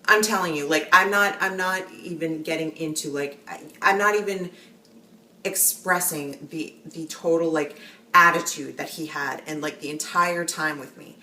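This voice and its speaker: A woman's voice: low voice, moderate pace, sharp tone. A young woman vlogger telling a story in a rambling way, full of restarts and fillers. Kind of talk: casual storytelling. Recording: roomy echo, a bit far from the mic.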